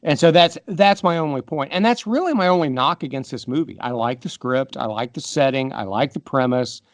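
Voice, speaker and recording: A man's voice: medium pitch, fairly quick, no echo. A middle-aged man co-hosting a podcast, giving firm opinions on a film and backing them with examples. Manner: opinionated, makes points with examples. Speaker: podcast co-host. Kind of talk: casual movie discussion.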